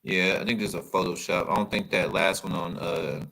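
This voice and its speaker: A man giving casual, animated commentary as he reacts to photos, calling out to his viewers. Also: sits low, fairly quick, gravelly, poor audio. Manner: animated, exclaiming, addresses viewers as y'all.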